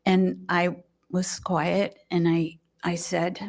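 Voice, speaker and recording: Older woman giving a gentle sermon. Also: fairly low pitch, flat delivery, vocal fry. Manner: gentle, reflective, measured with pauses. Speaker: lay speaker. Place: fellowship hall, indoors.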